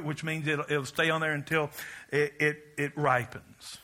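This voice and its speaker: A man's voice: on the high side, level tone, unhurried, bright, forceful tone. A man preaching a rousing, rhythmic sermon, leading the congregation in chants and slipping in joking asides. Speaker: pastor.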